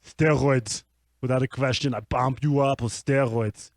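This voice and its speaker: A man's voice: medium pitch, fairly even intonation, unhurried, no room sound, clean studio sound, close to an everyday voice. A man doing a boastful, flirty muscleman impression of a famous actor-politician in an improv comedy radio sketch.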